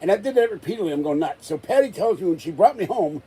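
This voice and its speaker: A man's voice: sits high, expressive, fast, few pauses, mellow, husky, poor audio. A man ranting in a rambling, exasperated way during a casual live-stream chat, still recovering from an illness. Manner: exasperated, rambling rant with many restarts. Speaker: vlogger.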